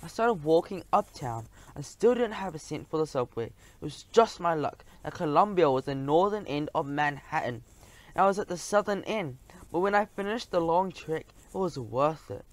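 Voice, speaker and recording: Man, storybook narration, lively, expressive, slightly high voice. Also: normal speed. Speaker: audiobook narrator.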